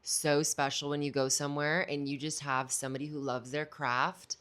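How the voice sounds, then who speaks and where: Low-voiced enthusiastic woman co-host. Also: little pitch movement, a bit bright. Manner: enthusiastic, quick agreeing interjections. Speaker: podcast co-host. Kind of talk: casual chat.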